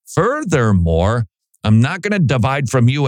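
A man's voice: lowish voice, very animated, moderate pace, a little mellow, dry recording, faint music behind. A middle-aged man hosting a Christian talk show, speaking conversationally and animatedly, sometimes mimicking other voices for emphasis. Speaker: Christian radio host. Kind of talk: opinion talk monologue.

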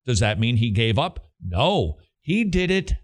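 A man's voice: medium pitch, big pitch swings, a little slow. A middle-aged man with a Southern American accent, hosting a Christian question-and-answer radio show with an emphatic, preacherly delivery.

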